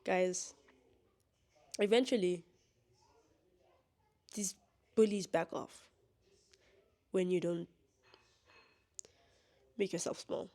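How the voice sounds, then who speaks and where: A woman's voice: on the low side, fairly even intonation, drawn-out words, pauses often, mellow. A young woman talking straight to camera in a candid vlog monologue, blunt and defiant, laughing often. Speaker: vlogger.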